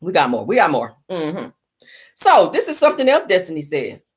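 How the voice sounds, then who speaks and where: A middle-aged woman hosting a sassy celebrity gossip show, with a sarcastic, dramatic delivery and drawn-out emphasis. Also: fairly low pitch, wildly swooping pitch. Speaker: host.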